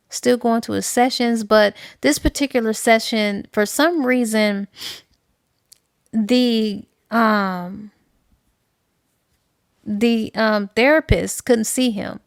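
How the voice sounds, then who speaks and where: A woman recapping a novel in a casual, animated, slangy storytelling style. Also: a little high, gravelly, no room sound, studio quality. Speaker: book reviewer. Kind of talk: casual book review recap.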